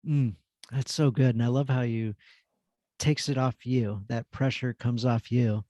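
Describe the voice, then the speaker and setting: A man's voice: medium pitch, fairly even intonation, a little slow, warm tone, dry recording. A man hosting a podcast, telling stories with enthusiasm and affirming his guest. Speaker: podcast host. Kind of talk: casual podcast interview.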